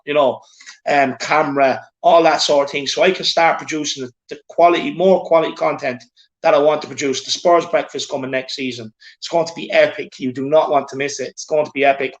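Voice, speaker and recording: Chatty Irish man with a high voice. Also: highs cut off. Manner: chatty, repeats himself, calls people "my man" and "lad". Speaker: show host reading super chats. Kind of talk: casual live-stream chat. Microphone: phone.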